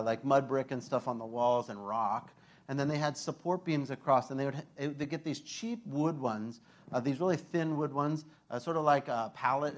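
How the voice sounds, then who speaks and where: A man preaching a sermon in a casual, conversational way, full of fillers, acting out scenes and laughing often. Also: mid-range voice. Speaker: pastor.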